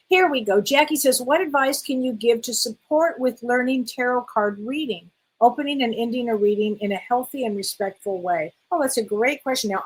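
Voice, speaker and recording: A slightly high, breathy woman's voice comes through a rough recording. She's a middle-aged medium answering questions on an informal live stream, affectionately reading comments out and calling her viewers honey.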